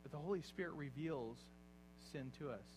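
A man preaching a sermon, dropping to quiet, low asides and then rising into loud exhortation. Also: normal speed. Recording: faint mains hum behind.

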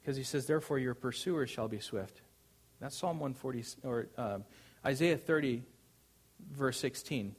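A man's voice: mid-range voice, moderate pace. A man preaching a sermon, speaking conversationally with frequent fillers and restarts. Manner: conversational preaching with fillers, rising to loud proclamation.

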